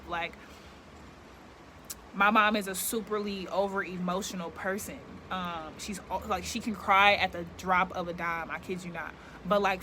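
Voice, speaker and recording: A woman's voice: fairly low pitch, noisy background. A young woman talking candidly to camera outdoors, rambling and reflective with lots of filler words. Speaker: vlogger. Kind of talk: casual reflective talk to camera. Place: outdoors, yard work nearby.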